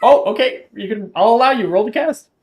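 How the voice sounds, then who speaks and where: A man's voice: high voice, lively intonation, a little fast, a little mellow. Laughing, rambling male game master. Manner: laughs often, casual and rambling. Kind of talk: narrating a tabletop game.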